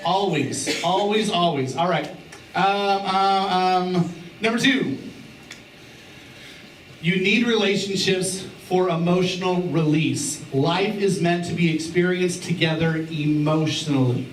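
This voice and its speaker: A man's voice: high-pitched, takes it slowly, a little hiss or hum. A middle-aged man preaching a sermon as a pastor, in a conversational, joking way, repeating key phrases. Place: church sanctuary. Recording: roomy church sound from a distance.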